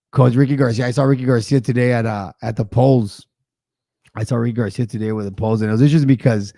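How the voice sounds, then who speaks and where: A man's voice: medium pitch, warm tone, dry recording, clean studio sound. A man hosting a casual live show, telling stories in a chatty, rambling way. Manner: chatty storyteller, laughs often; rambling with filler asides. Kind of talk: casual livestream chat.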